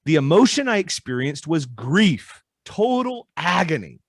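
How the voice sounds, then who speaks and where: A man talks as a podcast guest, his fairly high voice swinging up and down in a very lively way. He acts out short back-and-forth exchanges as he explains. The sound is close and dry, with no room around it. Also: a little slow, dry recording. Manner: animated, acts out little dialogues with changing voices.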